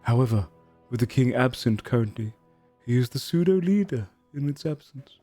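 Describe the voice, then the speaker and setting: A man's voice: medium pitch, lively intonation, moderate pace, dark tone, faint music behind. A man running a tabletop game as game master, narrating lore theatrically.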